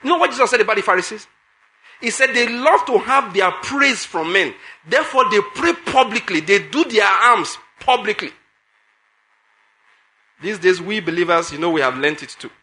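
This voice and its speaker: A man's voice: sits high, animated, normal speed, pushed and bright. A man preaching a sermon, emphatic, repeating phrases and putting questions to his listeners.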